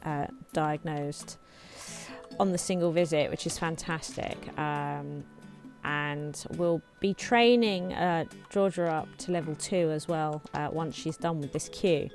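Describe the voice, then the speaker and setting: A woman hosting a let's play, chatting casually and thinking aloud as she builds, her voice slightly hoarse. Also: low-pitched, steady tone, measured pace, darkish tone, soft background music. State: slightly hoarse, clearing throat. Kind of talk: casual gameplay commentary.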